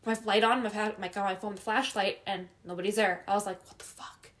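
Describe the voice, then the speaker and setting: A woman's voice: mid-range voice, fast talker. Swearing young woman telling a ghost story. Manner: animated, swears constantly, laughs often. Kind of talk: casual chat.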